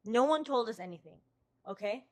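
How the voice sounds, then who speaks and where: A woman's voice: fairly high pitch, lively intonation, a little fast. A young woman from the United States, hosting a podcast and telling a story casually, swearing constantly and acting out her own quotes. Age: young adult. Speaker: podcast host.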